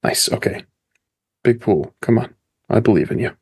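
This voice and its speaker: A man's voice: fairly low pitch, lively intonation, moderate pace, gravelly, husky. A man playing a tabletop game, explaining his attack and talking to himself while rolling dice. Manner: casual, chatty self-talk while rolling dice. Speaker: player.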